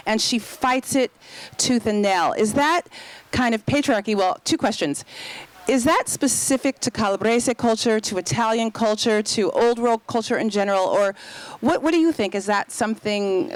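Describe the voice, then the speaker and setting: A woman's voice: mid-range voice, dry recording, rough recording. A woman moderating a live book event, asking long questions and thinking aloud as she goes.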